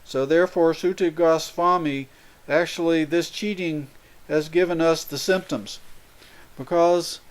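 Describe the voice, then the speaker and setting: A man preaches a sermon in an earnest, explaining way. His voice is smooth and clear, pitched a little high for a man. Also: fairly even intonation, a little slow. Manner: earnest, explains with everyday examples and acted quotes. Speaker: spiritual speaker.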